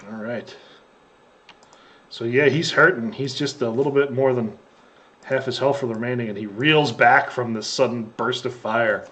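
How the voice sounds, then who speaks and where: A man running a tabletop game as game master, narrating in a relaxed, chatty way. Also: mid-range voice, moderate pace.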